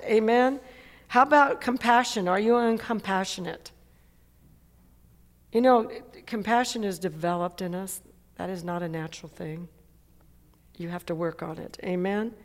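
A woman preacher delivering an emphatic sermon, repeating phrases and asking "Amen?" often. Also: medium pitch. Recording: long hall reverb.

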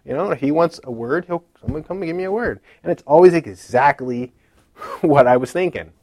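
A man's voice: a little high, animated, a little fast, darkish tone, no echo. A man giving a casual personal testimony at a conference. He tells his story in a chatty way, acting out what other people said and using many fillers like "like".

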